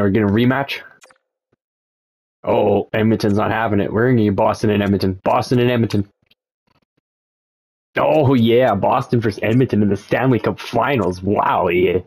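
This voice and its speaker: A man's voice: fairly low pitch, vocal fry, breathy edge. A young man, casually commenting over a sports video game as he plays and thinks aloud. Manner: relaxed, thinking aloud, excited by close results. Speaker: gaming channel host.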